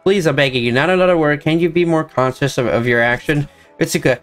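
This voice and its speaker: A man's voice: on the high side, a bit bright, faint music behind. A young man reading a visual novel's dialogue aloud for the characters, with joking asides of his own. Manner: plays each character in quick shifts of voice, joking asides. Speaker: gameplay narrator.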